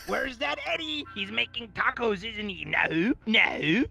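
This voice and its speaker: A man's voice: high-pitched, measured pace, vocal fry, bright, forceful tone, husky, faint music behind, exaggerated voice. A man putting on a mocking impression of the host, taunting the other players in sing-song gaming banter.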